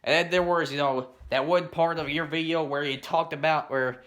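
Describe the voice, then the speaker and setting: A man with a slightly high, bright, ringing voice rants in a loose, rambling way. He keeps circling back with "you know" and "stuff like that", and he clears his throat between points. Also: steady tone, moderate pace. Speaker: commentary YouTuber. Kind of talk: rambling response rant.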